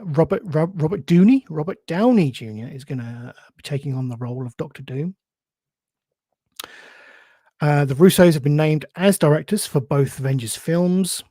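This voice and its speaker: A man's voice: on the high side, dark tone, husky, dry recording, clean studio sound. A man hosting a podcast in casual chat, answering viewer comments with many restarts and rambling asides. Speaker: podcast host.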